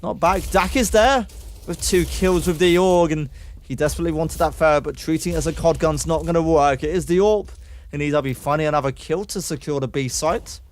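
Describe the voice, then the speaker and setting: Man casting an esports match, excitable. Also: a little high, fairly quick. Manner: excitable, jumps up on kills, chats with stream viewers. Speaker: esports caster. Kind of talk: play-by-play commentary.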